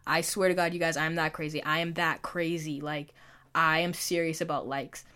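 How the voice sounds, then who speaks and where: Young woman rambling to camera, kinda low voice, says like every other word, laughs at herself. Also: flat delivery, normal speed, bright, forceful tone. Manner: chatty, fills with "like", self-mocking. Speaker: vlogger. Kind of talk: casual confessional chat to camera.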